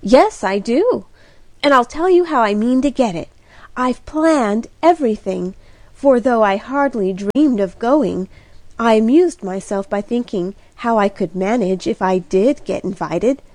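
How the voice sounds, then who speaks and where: A woman's voice: a little high, animated, a little slow, darkish tone, no echo. A woman voicing an eager, impulsive young woman in an audiobook reading, speaking in a breathless, gushing and emphatic way. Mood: excited.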